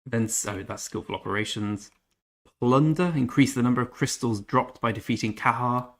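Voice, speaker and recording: A chatty man hosts a gaming live stream, talking to his viewers in a relaxed, everyday way. He drifts between greeting people in chat and quietly thinking aloud. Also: medium pitch, brisk. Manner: chatty, reads chat aloud, mutters to himself. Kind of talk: casual live-stream commentary.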